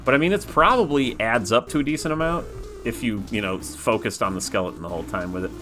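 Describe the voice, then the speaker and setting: A man's voice: medium pitch, expressive, fast talker, noisy background. A man casually commenting on his own game during a livestream, rambling and laid-back, with the odd swear. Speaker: game developer streamer.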